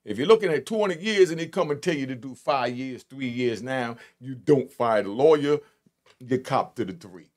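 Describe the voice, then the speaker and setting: A man delivers casual reaction commentary in a blunt, streetwise manner, leaning hard on key words and stretching them out. His voice sits at an ordinary middle pitch. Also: animated. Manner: blunt, emphatic streetwise talk, drawn-out stresses. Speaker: commentator reacting to played clips.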